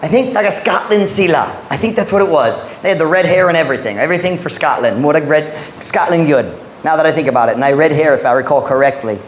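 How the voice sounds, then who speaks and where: An American man preaches a sermon in a church, his voice sitting a little high as he switches between English and Cebuano. He gets animated and shouts at the peaks. The sound is roomy and echoey, with faint noise behind it. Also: fast, few pauses. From United States. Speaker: pastor.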